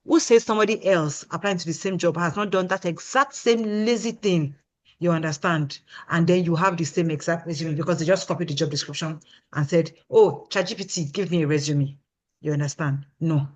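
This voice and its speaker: A woman guest in an interview, a product consultant explaining her approach emphatically and often asking "you understand?". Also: fairly low pitch. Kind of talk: casual interview answer.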